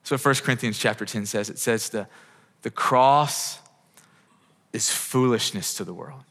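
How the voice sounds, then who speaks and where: At a measured pace, a man in his thirties preaches in a medium-pitched, slightly bright voice. The pastor's earnest, conversational sermon includes frequent sentence restarts, heard with long hall reverb in a church auditorium.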